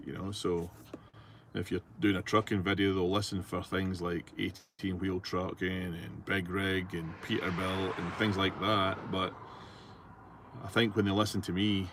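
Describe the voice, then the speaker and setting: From the cab of his truck on the road, a middle-aged man with a Scottish accent and a deep, somewhat bright voice reads viewer messages aloud. His driving chat is easygoing and rambling, full of fillers, over slight background noise.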